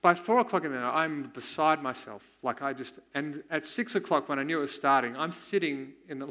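Aussie guy sharing his testimony at church, bit high, bright punchy voice, candid and chatty. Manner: candid, storytelling, quick chuckles. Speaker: church speaker. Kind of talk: personal testimony in a sermon.

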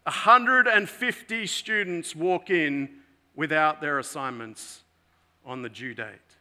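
A man preaching a sermon, telling a story in an earnest way that moves between emphatic and hushed. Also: fairly high pitch, slow.

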